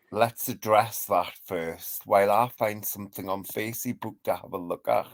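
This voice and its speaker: A deep, gravelly man sneers his way through a live stream rant, slow and drawn out, dealing insults with a laugh. The sound is dry and close, with no room around it. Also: steady tone, no room sound. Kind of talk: mocking gossip rant.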